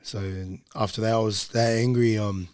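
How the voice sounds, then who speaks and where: A young man, a podcast guest, casually telling a long personal story in a low-key, rambling way with frequent ums. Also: fairly even intonation, normal speed, darkish tone, smooth, no room sound, clean studio sound.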